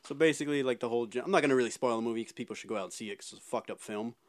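A man's voice: medium pitch, rapid-fire. A man co-hosting a casual podcast, swearing freely and rambling through stories. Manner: profane, loose storytelling. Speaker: podcast co-host. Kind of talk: casual chat.

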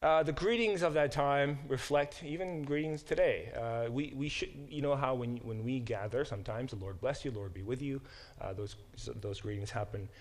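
A middle-aged man leading a Bible study class in a slightly higher voice. He reads verses aloud and stops to unpack the Hebrew words. He often restarts and corrects himself mid-sentence. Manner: reads scripture aloud, pausing to explain Hebrew words, with frequent self-corrections. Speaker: Bible teacher.

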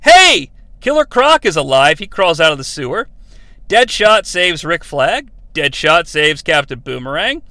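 A man's voice: on the high side, a little slow, no echo. A man hosting a podcast, giving a sarcastic, profane, comedic recap of a movie. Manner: sarcastic, profane, animated retelling. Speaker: podcast host.

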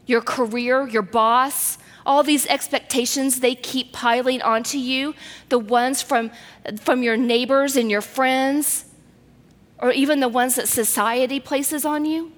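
A woman preaches with earnest storytelling, her voice pitched fairly high. She drops to soft near-whispers at the tender moments. Her words ring out with a long reverb in a large hall. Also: fairly even intonation, a little slow. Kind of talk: sermon with personal story.

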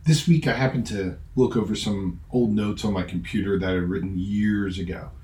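A pastor hosting a podcast speaks at a moderate pace in a lowish, darkish voice, and the recording has a roomy echo. His conversational sermon opens with a personal story, then turns to earnest teaching marked by emphatic repetition.

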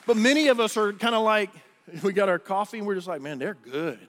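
Male pastor, sermon, high voice, earnest, stumbles and repeats words, long church reverb. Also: fast, fairly bright tone, some chatter behind, a little hiss or hum.

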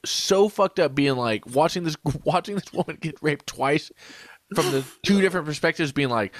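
A man's voice: on the high side, animated, moderate pace, no echo. A man co-hosting a podcast in casual chat, rambling, laughing and hiccuping after drinking. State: hiccuping, drunk. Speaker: podcast co-host.

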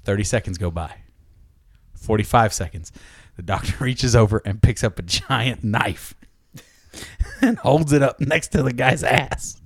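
A man's voice: husky, dry recording, studio quality. A man telling a long joke to friends in a casual chat, acting out each character and laughing as he goes. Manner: acts out characters with big pitch jumps, laughs mid-story. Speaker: podcast co-host telling a joke.

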